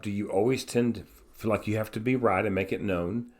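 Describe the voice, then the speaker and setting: Low-voiced earnest male co-host. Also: fairly even intonation, fairly quick, darkish tone. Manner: earnest, reflective, addresses listeners as guys. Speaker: podcast co-host. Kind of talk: casual mentoring chat.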